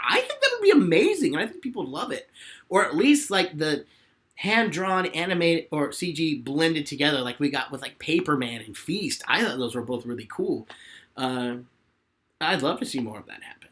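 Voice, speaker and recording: Young man, casual live-stream chat, rambling, laughs a lot, animated pitch. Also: moderate pace. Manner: chatty, rambling, laughs often. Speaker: YouTuber answering viewer questions. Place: home room with bookshelf.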